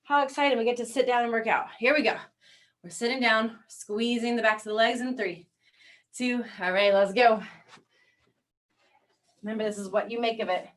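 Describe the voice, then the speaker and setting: A woman leading a strength workout, counting down reps and calmly coaching each move. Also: on the high side, moderate pace, long pauses, recorded from a distance. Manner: encouraging counting cues, calm coaching. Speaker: fitness instructor. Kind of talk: guided workout class.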